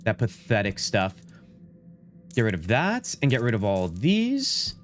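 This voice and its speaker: A young man giving excitable, chatty live commentary while playing a game, often talking to his chat and saying "dude". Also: fairly low pitch, measured pace, faint music behind. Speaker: streamer.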